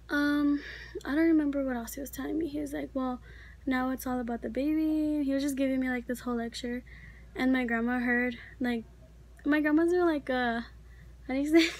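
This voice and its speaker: A woman's voice: high-pitched, darkish tone. A teenage girl casually telling a story, chatty and full of fillers. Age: teens. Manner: chatty, filler-heavy, many likes. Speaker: vlogger.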